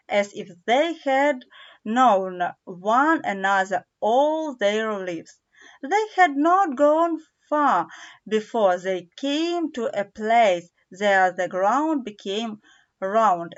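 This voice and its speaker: A woman reading a children's storybook aloud, slow and careful, as an audiobook narrator. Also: a little high, lo-fi sound. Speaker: audiobook reader.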